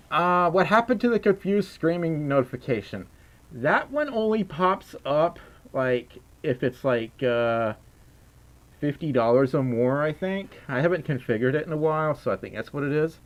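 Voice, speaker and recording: A man's voice: on the high side, big pitch swings, unhurried. A young man casually chatting on a livestream and reading out donations in a rambling, giggly way. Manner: rambling, giggly, easily distracted. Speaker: streamer.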